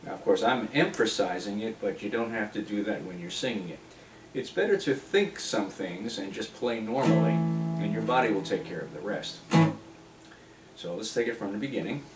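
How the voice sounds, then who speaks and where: A man's voice: lowish voice, animated. A man teaching a guitar lesson, explaining chords and strumming while he plays, sometimes singing a line. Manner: unhurried, explains while playing, breaks into singing. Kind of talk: relaxed guitar lesson, talking and singing along. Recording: roomy sound, mic at a distance, loud guitar. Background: his own guitar playing.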